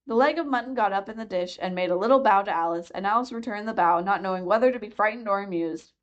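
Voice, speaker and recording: A woman narrating a classic children's book as a library reader, with an even, clear delivery. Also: medium pitch, quick pace, dull audio. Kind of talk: storybook narration.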